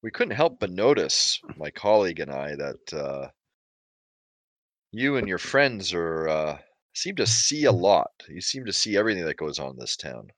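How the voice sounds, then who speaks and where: A man playing a gruff barbarian witch hunter in a tabletop game, talking low and slow with probing questions. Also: very animated, fairly bright tone, dry recording. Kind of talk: tabletop game role-play.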